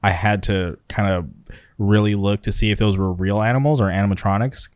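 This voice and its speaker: A young man chatting casually with friends in a relaxed, easygoing way. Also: fairly low pitch, fairly quick, no room sound, studio quality. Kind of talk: casual chat.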